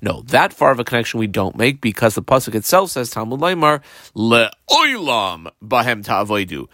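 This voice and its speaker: A man's voice: medium pitch, expressive, quick pace, fairly bright tone, dry recording, clean studio sound. Man walking through a Talmud lesson. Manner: explains step by step, mixes in Hebrew and Aramaic terms; calls out punctuation marks as he reads. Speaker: Talmud teacher. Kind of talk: daily page Talmud lesson.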